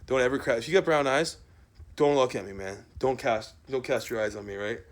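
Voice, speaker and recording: A man's voice: medium pitch, brisk. A man delivering a rambling, profane rant monologue, combative and repetitive, tagging sentences with "right?" and "man" and often trailing off or restarting.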